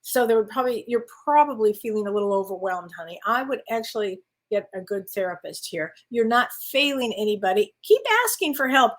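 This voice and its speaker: A woman's voice: medium pitch, brisk, hardly any pauses. A woman working as a spiritual medium, giving card readings in casual, affectionate chat and calling listeners honey.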